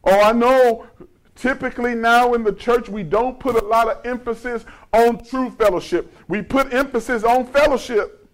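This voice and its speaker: A man who is a pastor preaching a sermon, rising to shouts and dropping to hushed lows as the congregation answers. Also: moderate pace, low-quality recording. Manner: call-and-response preaching, rising to shouts then dropping low.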